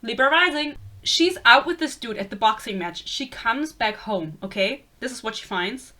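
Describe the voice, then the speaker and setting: Young woman, casual book rant, crisp bright tone pitched a little high, blunt and swearing freely. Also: animated, moderate pace. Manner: blunt, profane, exasperated. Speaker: book reviewer.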